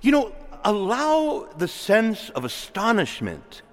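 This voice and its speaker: Emphatic priest preaching in a reverberant church. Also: male voice, sits high, huge pitch swings, takes it slowly. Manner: urgent, emphatic preaching with rhetorical questions; calls himself a loudmouth. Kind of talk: sermon.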